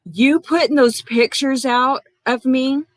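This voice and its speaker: A woman's voice: high-pitched, fairly even intonation, slow pace, no echo. Angry woman ranting on a livestream. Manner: confrontational, swearing, calls out viewers by name. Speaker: livestream host.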